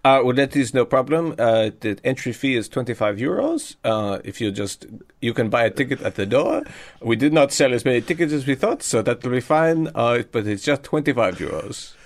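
A man's voice: medium pitch, animated, normal speed, few pauses, close to an everyday voice. A man voicing a polite French bouncer at a rave, hesitant and fawning, in an improvised comedy bit. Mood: obliging. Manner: hesitant, fawning, full of uhs.

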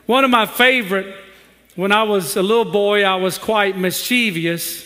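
High-voiced pastor preaching in a reverberant hall. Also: male voice, moderate pace, sharp tone. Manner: calls the congregation to repeat scripture aloud; humorous storytelling with rising emphasis. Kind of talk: sermon. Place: church sanctuary.

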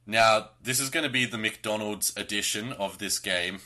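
Bright-toned Australian guy, lowish voice. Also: normal speed. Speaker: podcast co-host, game presenter. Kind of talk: casual chat.

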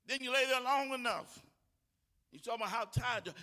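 A male pastor preaching a sermon with call-and-response, building from easy talk to shouted exhortation and mimicking whiny voices along the way. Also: very high voice, normal speed. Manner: mimics tired whining voices in asides. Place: church sanctuary. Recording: long hall reverb.

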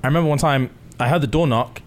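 Brief: young man, podcast co-host, mid pitch, rapid chatty anecdotes. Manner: fast, swearing, quotes people in his stories. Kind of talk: casual storytelling chat.

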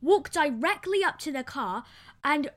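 Excitable young woman, high bright voice. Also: measured pace. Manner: excitable, yells lines in retelling. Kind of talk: casual storytelling chat.

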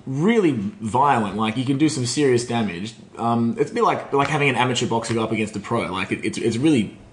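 A man with a mid-pitched voice, chatting on a podcast. He feels his way through his thoughts with restarts and little fillers. The room around him rings with echo. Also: fast, a little hiss or hum. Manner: hesitant, many restarts and fillers. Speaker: podcast co-host. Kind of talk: casual book club chat. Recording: roomy echo.

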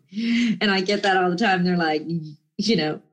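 A middle-aged woman chatting casually to her viewers, bubbly and animated, slipping into playful voices for quoted people. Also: medium pitch, measured pace. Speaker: vlogger.

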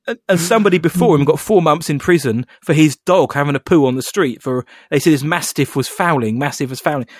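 Guy rambling on a podcast, bit high pitched, dry sound. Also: fast talker, no room sound. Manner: chatty, laughing, rambling with fillers. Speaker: podcast co-host. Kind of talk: casual chat.

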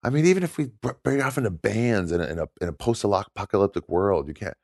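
A man's voice: fairly low pitch, expressive, fast, a little mellow, no echo. A man, a comedian guest, chatting casually and telling stories with frequent laughter. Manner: laughs often, tells stories, does voices. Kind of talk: casual chat.

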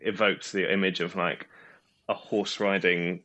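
An Englishman, co-hosting a podcast in casual chat, rambling and halting with many restarts. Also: low-pitched, flat delivery, pushed and bright. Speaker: podcast co-host. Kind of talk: casual chat reviewing a quiz show.

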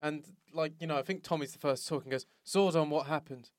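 A man's voice: fairly high pitch, steady tone, fast, dry recording, studio quality. A man, co-hosting a casual chat and retelling scenes with lots of laughter and swearing. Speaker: podcast co-host.

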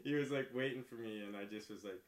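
A man's voice: fairly low pitch, fast, crowd noise. A young man telling a story in a casual chat, laughing often and saying "like" a lot. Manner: laughs often, heavy use of "like".

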